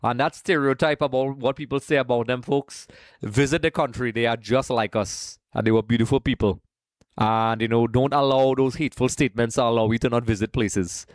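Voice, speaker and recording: Hosting a live watch-along stream, a Trinidadian man chats casually, greeting viewers by name and addressing them as folks. He talks briskly in a steady, mid-range voice, captured in a dry, studio-quality recording.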